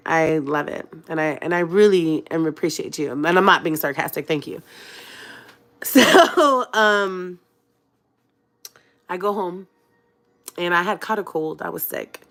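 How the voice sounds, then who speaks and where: A young woman from California tells a personal story to her livestream viewers, chatty and dramatic, talking to them directly. Her voice sits a little low for a woman and sounds slightly rough from a cold. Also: a bit bright. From Fresno, California. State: has a cold. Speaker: vlogger.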